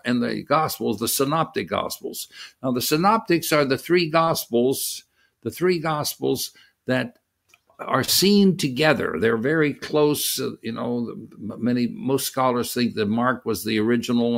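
A man preaching a sermon, talking in a halting way with many fillers and restarts. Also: mid-range voice, vocal fry.

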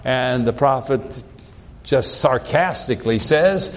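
A man's voice: medium pitch, slow pace. A man preaching a sermon in a conversational way, acting out the voices of the people he quotes. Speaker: pastor. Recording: long reverb in a hall.

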